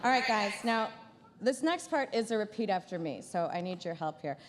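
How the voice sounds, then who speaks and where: A woman's voice: mid-range voice, animated, moderate pace, long reverb tail. A woman comedian doing a stand-up roast at a banquet dinner, with a dry, sarcastic delivery and playful asides. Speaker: comedian headlining a gala dinner. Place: large banquet hall.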